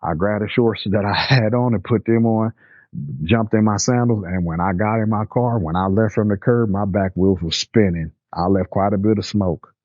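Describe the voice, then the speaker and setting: His voice is on the low side and moves at normal speed as the older man relates his own experience, plain-spoken and colorful. The audio comes across dry and somewhat muffled.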